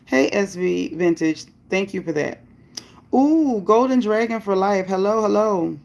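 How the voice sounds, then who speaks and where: A woman's voice: mid-range voice, normal speed, creaky, darkish tone. A woman hosting a livestream, reading viewer comments and speaking bluntly about her opinions and chat rules. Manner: greets viewers by name, upbeat bursts. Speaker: livestream host.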